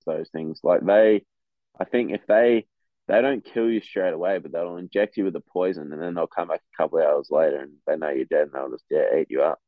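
Deep-voiced Australian man on a tinny line. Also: fairly even intonation, a little fast, no room sound. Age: young adult. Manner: laid-back, frank, swears casually. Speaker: guest athlete. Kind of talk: casual podcast chat. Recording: tinny phone-like line, dry.

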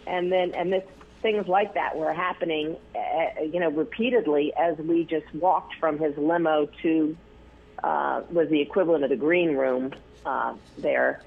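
A man telling stories as an interview guest, rambling with many fillers and restarts, his voice gravelly and husky. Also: fairly high pitch, fairly even intonation, measured pace. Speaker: news photographer, interview guest. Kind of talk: casual interview storytelling. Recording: tinny phone line.

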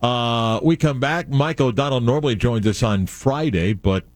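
A man's voice: medium pitch, moderate pace, no room sound. A man hosting a sports radio show, talking casually with many filler words.

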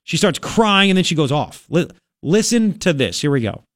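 Male host, sarcastic, mocking, lively pitch swings, dry close sound. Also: normal speed, dry recording. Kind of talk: political commentary over played clips.

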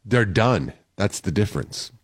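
A man with a fairly low voice talks in loose, casual banter as a co-host. He is blunt and grumbling and tends to say the same thing twice. The sound is close and very dry. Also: animated, unhurried, breathy edge, no room sound. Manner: blunt, grumbling, repeats himself.

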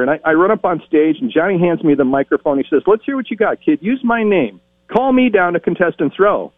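A game show announcer, middle-aged, narrates stories animatedly for an interview, slipping into the voices of the people he's quoting. He speaks on the high side and a little fast. There's no echo, but the audio is tinny and phone-like.

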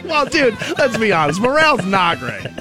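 A high-voiced man rambles through jokey stories as a radio morning host. Faint music sits quietly under his casual, loose banter. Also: big pitch swings, moderate pace. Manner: joking, rambling storyteller.

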